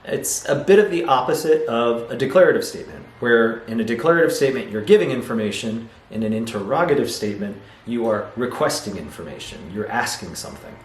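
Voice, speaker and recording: A man's voice: mid-range voice, lively intonation, brisk, few pauses. A man teaching a video lesson on English grammar, explaining patiently and acting out example sentences. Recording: roomy echo, faint noise.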